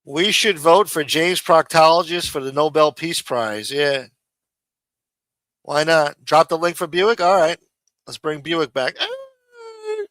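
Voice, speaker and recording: Blunt, profane New ranter. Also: male voice, a little high, measured pace, fairly bright tone, dry recording. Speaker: livestream host. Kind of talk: profane ranting commentary.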